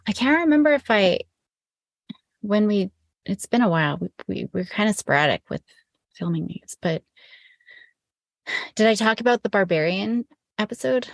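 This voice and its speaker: A woman's voice: medium pitch, expressive, moderate pace, gravelly, pauses often, no echo, studio quality. A middle-aged woman co-hosting a family podcast, telling stories in a rambling, self-correcting way. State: recovering from illness. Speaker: podcast co-host. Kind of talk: casual chat.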